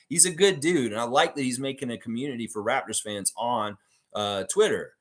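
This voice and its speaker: A blunt man hosts a live sports stream and rants about his team. His pitch swings widely as he reads out viewer comments and fires back strong opinions through a desk mic. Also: animated, a little fast, fairly bright tone. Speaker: host of a fan channel live stream.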